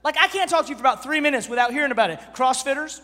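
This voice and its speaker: A pastor in his thirties preaching a sermon, animated and joking, swinging from shouts to hushed storytelling. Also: very high voice, racing, big-room sound.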